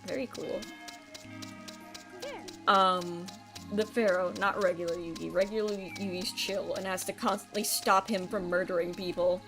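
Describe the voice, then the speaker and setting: A woman's voice: on the low side, fairly even intonation, measured pace, music in the background. Rambling woman streamer with chatty ums. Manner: rambling recap with filler ums and self-corrections. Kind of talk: casual gameplay stream chat.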